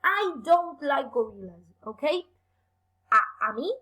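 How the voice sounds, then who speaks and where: A young woman teaching English in a bilingual online lesson for children, encouraging and slowing down to stress key words. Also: sits high, poor audio. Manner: lively, encouraging, slow careful emphasis on words.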